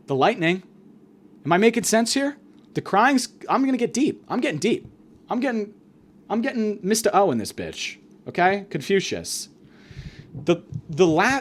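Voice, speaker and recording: A man hosting a podcast, delivering a rambling, profane, exasperated comedic rant. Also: fairly high pitch. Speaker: podcast host.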